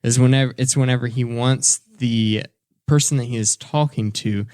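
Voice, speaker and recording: A man's voice: mid-range voice, steady tone, moderate pace, a little mellow, clean tone, no echo, studio quality. A young man co-hosting a podcast, telling stories in a rambling, casual way with lots of restarts. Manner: rambling storyteller, many restarts and fillers. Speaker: podcast co-host. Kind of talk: casual chat.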